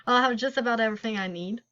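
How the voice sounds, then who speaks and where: Young woman gaming host, casual and giggly, slightly high voice, lo-fi home mic. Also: a little fast, bright, forceful tone. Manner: giggly and chatty. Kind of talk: casual game playthrough commentary. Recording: lo-fi recording.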